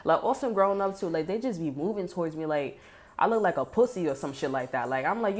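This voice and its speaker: A woman's voice: lowish voice, lively intonation, fast talker, a little mellow. Blunt, cursing woman tarot reader. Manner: blunt, profane and heated. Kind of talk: casual spoken tarot reading.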